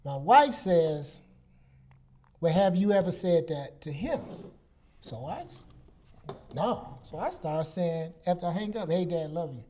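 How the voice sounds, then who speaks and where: A man in his sixties telling personal stories on a talk show, animated and casual, acting out quoted dialogue. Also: fairly high pitch, a little slow, long pauses, a little hiss or hum. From Southern US. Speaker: guest psychologist.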